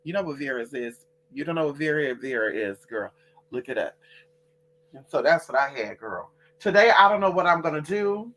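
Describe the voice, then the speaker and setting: A woman's voice: low voice, expressive, moderate pace, fairly bright tone. A woman hosting a casual livestream, talking bluntly and with plenty of profanity while reading out and answering her viewers' comments. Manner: reads out and answers chat comments. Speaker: livestream host.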